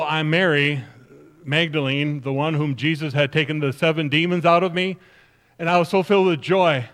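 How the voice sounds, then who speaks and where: A man's voice: fairly high pitch, fairly bright tone, clear, resonant tone, natural voice. A male pastor preaching in the first person as an earnest woman disciple, telling her story emphatically to the congregation. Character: grieving then joyful woman disciple, earnest. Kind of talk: first-person dramatic sermon monologue.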